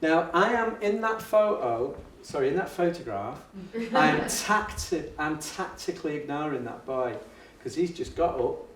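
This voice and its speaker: Animated man, roomy and distant. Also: fairly high pitch, normal speed, slight background noise. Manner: animated storyteller, laughs often, acts out voices of pupils. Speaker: education speaker and guest. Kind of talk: lively anecdotal talk to an audience. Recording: roomy and distant with faint ambience.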